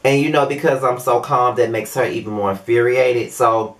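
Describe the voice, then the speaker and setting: A man's voice: medium pitch, moderate pace. A young man hosting his own video review show, talking casually and animatedly with plenty of swearing and filler asides. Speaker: show host reviewing a reality series.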